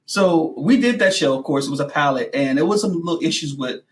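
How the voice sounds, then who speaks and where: A man hosting a talk show, chatting casually with a friend in an animated, teasing way and stretching words out for emphasis. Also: on the high side, fairly quick. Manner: teasing, animated, laughs often. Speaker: show host.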